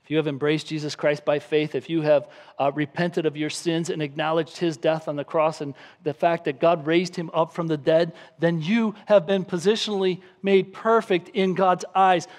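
A man preaching a sermon as pastor, reading scripture aloud and building points with emphatic repetition. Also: high voice. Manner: emphatic preaching, acts out a crying baby with shouts.

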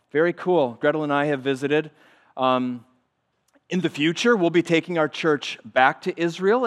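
A man preaching a sermon to his congregation, talking plainly and then building through repeated phrases to loud, emphatic peaks. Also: on the high side. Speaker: pastor. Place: church sanctuary.

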